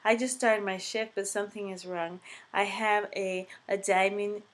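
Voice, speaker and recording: A woman's voice: mid-range voice, flat delivery, moderate pace, voice pushed up, lightly acted. A woman voicing a haughty, suspicious woman nurse who talks in a prim, doubtful, stalling way.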